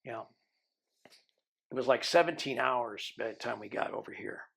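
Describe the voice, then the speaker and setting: A man in his sixties, a podcast guest, telling a long story in a lively way and acting out the people he quotes. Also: medium pitch, moderate pace, gravelly, slightly rough. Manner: animated storyteller who mimics the people he quotes.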